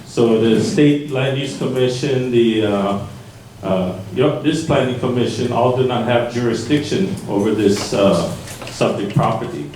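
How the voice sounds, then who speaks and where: A man giving formal, measured legal testimony at a planning meeting. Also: mid-range voice, darkish tone, slight background noise. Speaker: public commenter at a planning meeting. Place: public meeting hall. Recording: echoey meeting room from far off.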